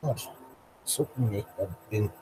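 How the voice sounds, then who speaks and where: Slow, hesitant man hosting. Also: on the low side, background noise. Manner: hesitant, full of ums and restarts, reads chat aloud. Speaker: livestream host. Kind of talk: casual live-chat commentary.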